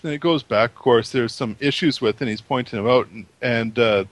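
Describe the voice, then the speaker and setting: A man's voice: mid-range voice, brisk, hardly any pauses, no room sound. A man in casual chat, telling a story in a rambling way with many restarts.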